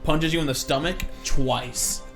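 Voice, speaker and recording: A game master calls out rolls and damage with wry, amused asides. The voice sits in an ordinary middle pitch. Faint music plays behind the table talk. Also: measured pace, a bit bright.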